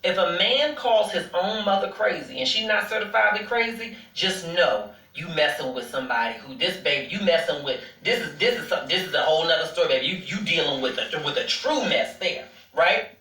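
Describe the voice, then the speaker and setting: A woman's voice: on the low side, a little fast, few pauses, pushed and bright, roomy sound, distant mic, poor audio. A woman host telling a personal story to her viewers in a sassy, casual way, calling them honey and swearing freely.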